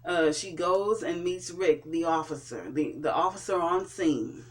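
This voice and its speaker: A TV show reviewer recaps an episode at a very slow, unhurried pace in an ordinary mid-pitched voice. His delivery is hesitant and halting, packed with fillers and restarts.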